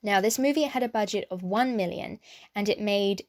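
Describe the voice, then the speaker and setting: A woman's voice: medium pitch, moderate pace. Chatty British woman reviewing films. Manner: chatty, thinks aloud with small restarts and hedges. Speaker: film vlogger. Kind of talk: casual chat, film review.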